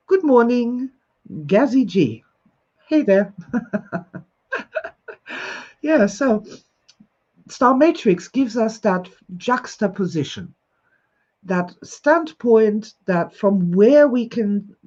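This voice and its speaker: An enthusiastic, expressive woman in her sixties who laughs often as she hosts a livestream and greets her viewers. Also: medium pitch, husky. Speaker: host. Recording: slightly dull lo-fi recording.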